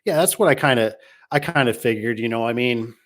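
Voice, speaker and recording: A man's voice: mid-range voice, a little fast, a bit bright. A middle-aged man who owns a garage door company, talking casually in a rambling way and acting out the people he quotes. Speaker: garage door business owner. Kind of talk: casual monologue reading comments.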